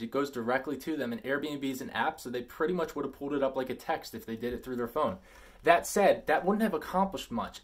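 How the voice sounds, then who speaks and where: A man talking casually in a vlog, reading out an email and commenting on it, with emphatic loud stresses and quieter asides. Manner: animated and emphatic, swinging between loud stresses and low asides. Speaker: vlogger.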